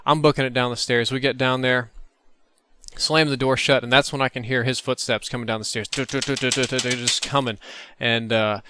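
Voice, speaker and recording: A man host telling a dream story over gameplay in an animated, profane way. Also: mid-range voice, moderate pace, slight background noise. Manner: animated, profane, vivid retelling. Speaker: gaming channel host.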